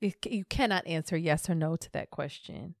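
A woman's voice: fairly low pitch, a little fast, creaky, no echo, clean studio sound. A woman co-hosting a podcast in casual chat, thinking aloud and working through her opinions. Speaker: podcast co-host.

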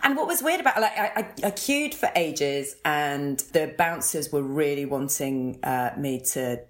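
A woman's voice: deep voice, expressive, a little slow. A woman guesting on a comedy podcast, telling wry, self-deprecating stories. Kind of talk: casual comedy podcast chat.

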